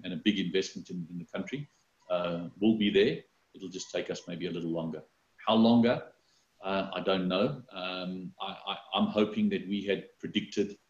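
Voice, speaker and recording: A man with a very low, flat voice talks haltingly, full of fillers and restarts, as an interviewee. He comes through a video call that sounds roomy and dull. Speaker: company executive interviewed.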